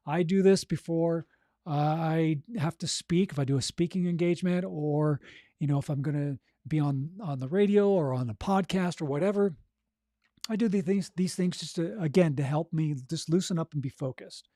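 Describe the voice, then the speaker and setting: A man coaching authors on narrating their audiobooks, talking casually and demonstrating breathing and voice warm-ups. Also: fairly high pitch, moderate pace, no room sound, clean studio sound. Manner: encouraging, conversational, frequent "okay?" and "right?". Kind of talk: coaching monologue.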